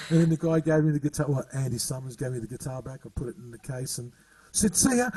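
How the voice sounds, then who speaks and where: Rambling man, halting and laughing. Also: medium pitch, steady tone, dark tone, slightly rough, recorded from a distance, low-quality recording. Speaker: guest musician. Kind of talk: casual storytelling chat.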